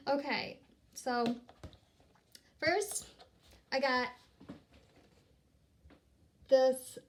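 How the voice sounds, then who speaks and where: Slow, chatty woman unboxing at home. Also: high-pitched. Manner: chatty, rambling, trails off and restarts mid-sentence; bubbly and upbeat. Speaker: vlogger. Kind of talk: casual unboxing chat.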